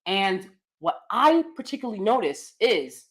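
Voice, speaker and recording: A woman's voice: mid-range voice, very animated, measured pace. An American woman with a regional accent that slips in and out of neutral speech, giving emphatic opinion commentary to her viewers. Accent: American regional accent mixed with neutral speech. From United States. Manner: emphatic, lecturing, repeats points with "okay?". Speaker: commentary vlogger.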